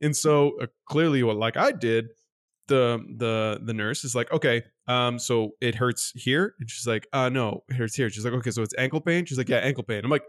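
Man, podcast co-host, casual storytelling, animated, pitch leaps when exasperated. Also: moderate pace.

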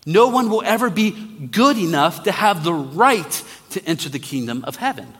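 A man's voice: high voice, very animated, fairly bright tone, slightly rough. Earnest male preacher in a reverberant hall. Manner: earnest preaching with slow emphatic repetitions. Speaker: online minister. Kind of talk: sermon.

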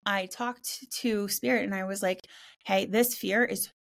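A woman hosting a casual spiritual roundtable podcast, talking quickly and excitedly, swearing offhandedly and acting out conversations as she tells stories. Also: medium pitch, gravelly. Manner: animated storytelling with quoted voices. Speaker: podcast host.

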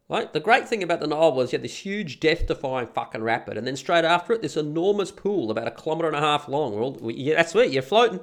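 A man's voice: a little high, sing-song, fast, gravelly, fairly bright tone. A middle-aged man hosting a podcast, telling a rambling, profane story in a casual monologue while sick with a head cold. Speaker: podcast host.

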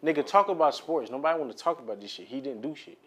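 A young man co-hosting a casual sports podcast, with a voice pitched a touch above most men's. He talks bluntly and swears freely, holding his ground in the argument. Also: expressive, fast talker, a bit bright. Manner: blunt, profane, argues his point firmly. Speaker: podcast co-host. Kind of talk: casual sports and music chat.

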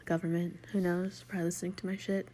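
A young adult woman co-hosting a casual podcast, telling candid, crude stories in a lively, joking way. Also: fairly low pitch, quick pace. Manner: candid, crude, animated storyteller. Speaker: podcast co-host.

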